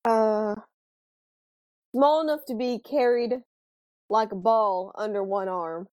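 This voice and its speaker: A woman's voice: fairly high pitch, slow, a little mellow, dry recording, rough recording. A woman playing a tabletop game over an online voice call, speaking hesitantly as she searches for words. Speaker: player.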